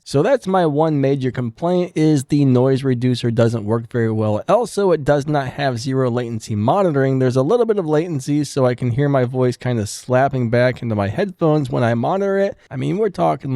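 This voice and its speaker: A man giving a relaxed, chatty product review and demo into a studio broadcast microphone. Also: mid-range voice, dry recording.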